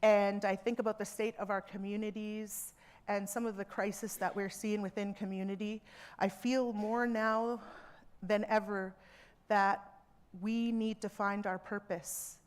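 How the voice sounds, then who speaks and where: A woman's voice: mid-range voice, fairly even intonation. Earnest woman giving a seminar talk. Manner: earnest, measured, with emphatic repetitions. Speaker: seminar speaker. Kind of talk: reflective public talk. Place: theatre stage.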